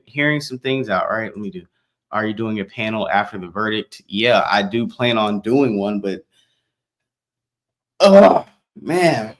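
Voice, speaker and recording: A man hosting a livestream, chatting casually in slang and reacting to viewer comments. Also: lowish voice. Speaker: livestream host.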